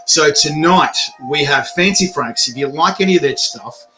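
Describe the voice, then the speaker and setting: A man's voice: fairly high pitch, animated, normal speed, sharp tone, soft background music. An Australian man hosting a hot sauce review show, chatting casually, cracking jokes and laughing often. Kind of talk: casual chat.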